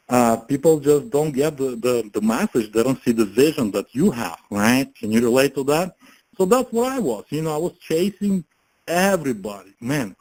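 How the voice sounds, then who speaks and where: A man talks in a relaxed, chatty way at a middle pitch. He gives a casual motivational talk and keeps turning to his audience with questions. His delivery stays conversational. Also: rough recording. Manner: chatty, keeps asking the listeners rhetorical questions. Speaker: network marketing presenter.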